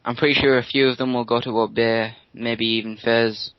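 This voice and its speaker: A man's voice: medium pitch, little pitch movement, brisk, dry recording. A young British man co-hosting a podcast in casual chat, teasing and swearing, with frequent restarts. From United Kingdom. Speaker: podcast co-host. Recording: dull lo-fi mic sound.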